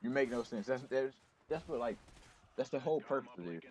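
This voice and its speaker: A man's voice: medium pitch, brisk, darkish tone. A young man hosting a gaming channel, casually telling a rambling personal story with lots of restarts and self-corrections.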